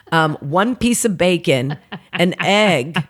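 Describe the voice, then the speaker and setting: A woman's voice: fairly low pitch, slow pace. A woman comedian telling stories from her work in a casual podcast chat, laughing as she goes and acting out the people she quotes. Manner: animated storyteller, laughs mid-sentence, acts out quoted people; frequent "like" fillers. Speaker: comedian guest.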